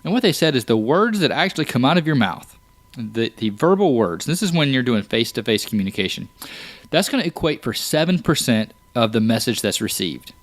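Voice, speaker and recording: A man's voice: mid-range voice, sing-song, a little fast, dry recording. A man hosting a podcast, talking casually and explaining ideas with everyday examples, often restarting his words. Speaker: podcast host. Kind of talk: casual solo podcast talk.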